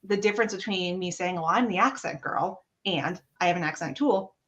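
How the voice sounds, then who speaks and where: Woman chatting about improv, bright forceful voice, lively, jumps up when quoting herself. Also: fairly quick. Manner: animated, acts out her own thoughts in a higher voice. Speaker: guest improviser and behavior analyst. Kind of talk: casual chat.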